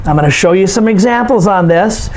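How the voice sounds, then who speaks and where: Patient male English teacher, high voice. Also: rough recording. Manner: patient, repeats words and rules slowly for learners. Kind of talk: slow, deliberate lesson to learners.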